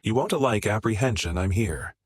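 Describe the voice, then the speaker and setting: A man's voice: fairly low pitch, expressive, fairly quick, husky, no room sound, clean studio sound. A man reading a brash, pushy young guy. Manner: casual, pushy, presumptuous.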